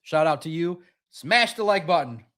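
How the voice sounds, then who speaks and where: Brief: man with a high voice, sports podcast host, lively and joking. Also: moderate pace. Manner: animated, mocking impressions of others. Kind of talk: casual sports talk.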